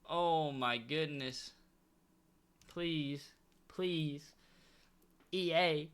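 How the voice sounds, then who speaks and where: Bright-voiced young man pleading over a game. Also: a little high. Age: young adult. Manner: exasperated, pleading, comic complaining. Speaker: gaming YouTuber. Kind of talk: live game commentary.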